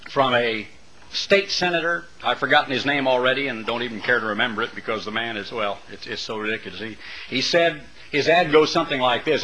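A man delivering a rambling, opinionated monologue as a radio talk show host, with many pauses and fillers. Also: mid-range voice, sharp tone, rough recording.

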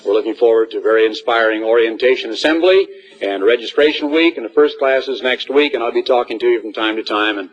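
A man's voice: medium pitch, quick pace, dull audio. A man speaking to new college students in an auditorium, giving a folksy assembly address and acting out little scenes.

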